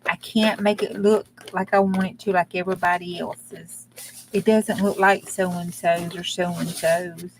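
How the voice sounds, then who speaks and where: A woman with a lowish voice and level tone chats unhurriedly on her crafting livestream, with a noisy background. She's folksy and blunt, talking casually while she works and cursing mildly along the way.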